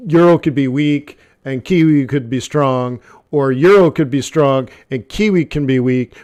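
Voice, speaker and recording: A man's voice: a little high, a little mellow. A man coaching a live forex trading session in a blunt, conversational way, talking straight to the viewer with lots of "okay" and "like". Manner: conversational, repeats phrases, many "okay" and "like" fillers.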